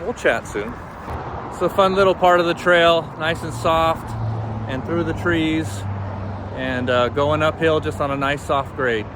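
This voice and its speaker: A man's voice: fairly high pitch, unhurried. Upbeat man vlogging on a walk. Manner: upbeat, motivational, talks while walking and jogging. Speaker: fitness and mindset vlogger. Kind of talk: motivational walking vlog. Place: outdoor trail beside a busy road. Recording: clear traffic noise outdoors. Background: traffic noise.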